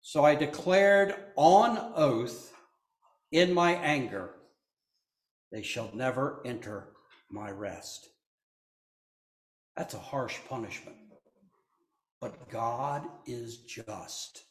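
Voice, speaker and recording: A man's voice: medium pitch, lively intonation, roomy sound. A man preaching a sermon, reading scripture and adding asides to the congregation. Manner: slow, deliberate delivery with asides to the congregation.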